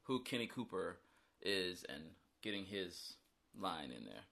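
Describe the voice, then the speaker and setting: A man's voice: deep voice, very animated, a little slow, vocal fry, pushed and bright. A man who is an actor, chatting casually and jokingly about a film role in an interview. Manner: rambling, joking, self-deprecating. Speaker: actor guest.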